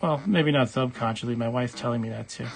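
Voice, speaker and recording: A man's voice: mid-range voice, a little fast, creaky. A man hosting a retro game livestream, chatting casually in a rambling, jokey way. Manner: rambling, self-deprecating, jokey. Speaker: livestream host.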